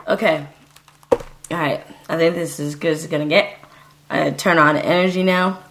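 A woman's voice: low-pitched, steady tone, measured pace, fairly bright tone, a little hiss or hum. A woman hosting a podcast in casual banter, joking and directing her co-hosts. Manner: bossy, joking, directs the takes. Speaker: podcast host.

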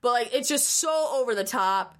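A woman's voice: fairly high pitch, animated, normal speed, fairly bright tone. A young woman on a podcast, chatting casually and animatedly retelling a show, peppering her talk with "like".

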